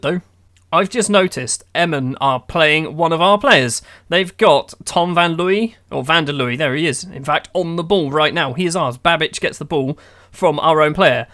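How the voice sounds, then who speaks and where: A gaming YouTuber with a fairly high-pitched, sharp-toned voice plays a football manager game. He gives sarcastic, exasperated running commentary on the matches.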